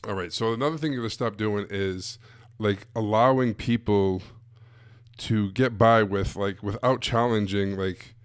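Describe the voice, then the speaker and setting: A man's voice: on the low side, unhurried, clear, resonant tone, dry recording, clean studio sound. A man coaching other coaches live, blunt and direct, asking rhetorical questions and repeating his points. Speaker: sales coach. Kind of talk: live-streamed teaching.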